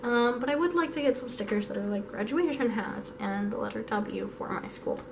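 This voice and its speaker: Hoarse young woman chatting, noisy recording. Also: fairly high pitch, a little fast. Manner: chatty, thinking aloud. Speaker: vlogger. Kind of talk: casual planning vlog.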